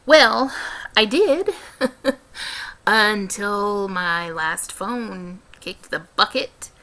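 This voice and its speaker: Woman, young adult, light Midwestern accent, casual vlog, slow unhurried delivery, careful diction, frequent restarts. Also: medium pitch, expressive, sharp tone. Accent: light American Midwestern. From American Midwest. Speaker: vlogger. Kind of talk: casual question-and-answer vlog.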